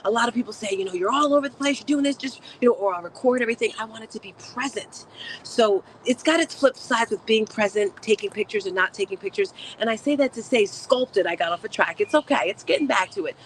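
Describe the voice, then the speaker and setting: A woman's voice: medium pitch, fast, slight background noise, rough recording. A woman hosting a motivational live stream, chatting upbeat and speaking straight to her viewers. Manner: upbeat, chatty, talks to chat. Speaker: host.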